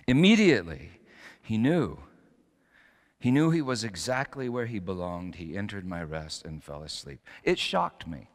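A middle-aged male pastor preaching a sermon, telling stories with sudden loud bursts and quiet drops. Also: lowish voice, sing-song, normal speed, big-room sound.

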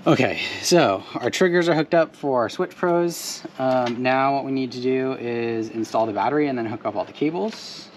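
A man's voice: mid-range voice, moderate pace, few pauses, a little hiss or hum. A man in a casual how-to vlog, explaining step by step with fillers while working on a truck in a driveway outdoors.

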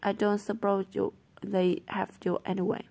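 This is a gentle father who speaks in soft, soothing tones, as a woman reading a storybook puts him on. His voice rests at an ordinary middle pitch. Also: level tone, normal speed, creaky. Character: gentle father of a teenage girl.

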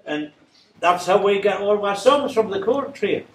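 A man's voice: high voice, unhurried, a little hiss or hum. A man with a Geordie accent telling a comic folk story, rambling and chuckling as he goes. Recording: roomy, distant, loud instrument.

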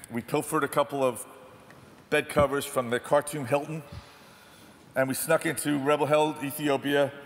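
Man telling stories in a large hall. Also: medium pitch. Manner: self-deprecating, animated storyteller. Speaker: photojournalist speaker. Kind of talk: storytelling talk on stage. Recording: distant reverberant hall, faint noise.

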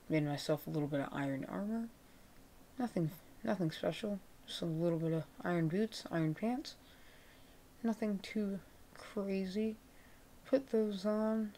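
A woman with a gravelly voice giving chatty, laid-back, self-mocking commentary over her gameplay. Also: medium pitch, a little slow, mellow, a little hiss or hum. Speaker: gaming video creator. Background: background music, keyboard typing.

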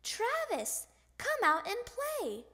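Woman voicing a young boy frog for a storybook: high, loud, whiny, excitable. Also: slow pace, full character voice. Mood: excited, whiny. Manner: whiny, shouting.

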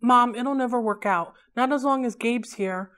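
A woman's voice: on the high side, normal speed, fairly bright tone, pitched above the performer's own voice, natural voice. Blunt, angry kid hero, pushes hard, voiced by a woman reader. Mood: insistent. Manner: blunt, insistent. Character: angry twelve-year-old boy hero, blunt.

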